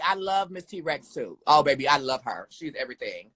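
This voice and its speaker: A young man, a drag performer guest in a casual live chat, animated and sassy, calling people "girl" and "honey". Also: on the high side, normal speed.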